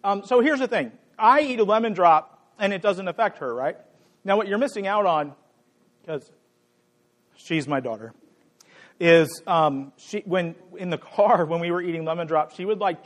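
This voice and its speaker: Lively, high-voiced man preaching a sermon. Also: normal speed. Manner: conversational, playful, jokes with the congregation. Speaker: pastor. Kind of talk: sermon with a live demonstration.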